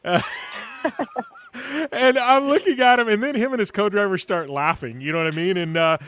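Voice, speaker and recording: A man's voice: high voice, moderate pace, fairly bright tone, slight background noise. A man hosting a motorsport radio show, casually telling stories and chatting with a guest. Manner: chatty anecdotal storyteller. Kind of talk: casual chat.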